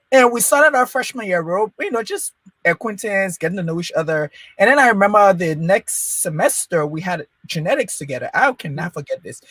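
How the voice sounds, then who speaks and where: A man tells a story from his own life on a talk podcast, his pitch leaping up and down as he acts out each quoted line. The sound is close and dry, with no room around it. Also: a bit bright, dry recording. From Liberia. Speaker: podcast host. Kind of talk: casual conversation, personal story.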